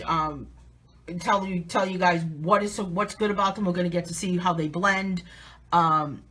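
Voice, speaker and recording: A woman's voice: lowish voice, fairly bright tone, poor audio. A woman hosting a casual live coloring demo, talking chattily with frequent ums and restarts. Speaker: host of a coloring livestream.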